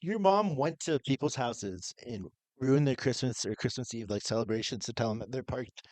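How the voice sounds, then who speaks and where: A man's voice: medium pitch, animated, moderate pace, a little mellow, no room sound. A man co-hosting a podcast, throwing in teasing, wisecracking remarks. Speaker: podcast co-host. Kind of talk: casual chat.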